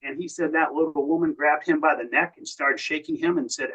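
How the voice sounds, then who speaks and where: A man's voice: on the high side, brisk, a bit bright, slight background noise, poor audio. An American man, a podcast guest, telling long family and wartime stories in a casual way, often quoting what others said. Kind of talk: casual storytelling.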